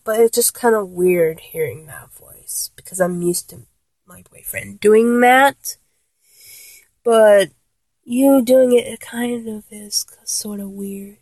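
A woman's voice: on the high side, a little mellow, no echo. A young woman voice actor playing a flustered, blunt young woman in a one-sided audio role-play, exasperated, stammering and swearing.

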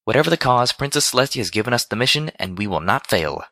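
A man's voice: mid-range voice, expressive, fast, bright, forceful tone, no echo, studio quality, pitched above the performer's own voice. A man voicing a studious, earnest female pony leader who speaks firmly. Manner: earnest, firm, commanding.

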